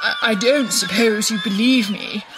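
A woman's voice: on the high side, normal speed, heavy background noise, close to an everyday voice. A woman voicing a worried male corner-shop owner who sadly pleads to be believed. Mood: sad, pleading. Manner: sad, pleading, raised voice.

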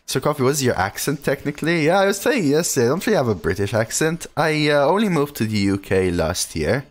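A man's voice: fairly high pitch, very animated, quick pace. A man streaming a card game, chatting casually and reading viewer messages aloud between plays. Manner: casual, chatty, reads chat aloud and answers it.

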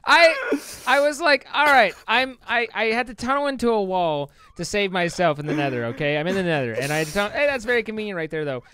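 Game host, lively rising and falling pitch, bright clear tone, yelps in panic. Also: fast, few pauses. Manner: excitable, shrieks when in danger. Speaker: channel host and player. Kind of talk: live gameplay chat.

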